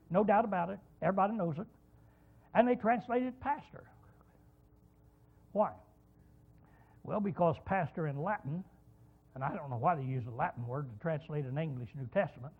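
Guy with a high voice teaching a bible lesson, asks and answers his own questions, tinny phone-ish audio. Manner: explanatory, rhetorical questions, repeats key words. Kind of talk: teaching sermon.

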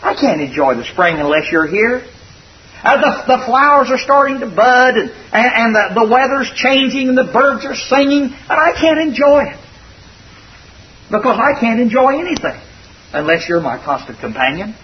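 A man acting out a young country shepherd boy pleading with his sweetheart, in an earnest, halting, coaxing way. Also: very high voice, sing-song, a little hiss or hum. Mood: tender pleading. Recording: dull distant recording.

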